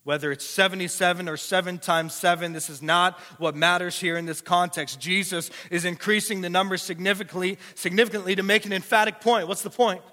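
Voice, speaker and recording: A male pastor preaching a sermon, emphatic and repetitive, swinging from quiet to passionate. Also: sits high, steady tone, brisk, hardly any pauses. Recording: echoey hall reverb.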